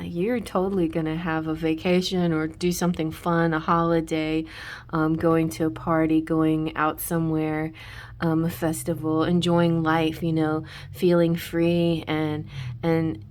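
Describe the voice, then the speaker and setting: A woman with a fairly low voice talks through a tarot reading. She rambles loosely, circling back with restarts and small fillers as she thinks aloud. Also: darkish tone. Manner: rambling, many restarts and "you know". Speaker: tarot reader.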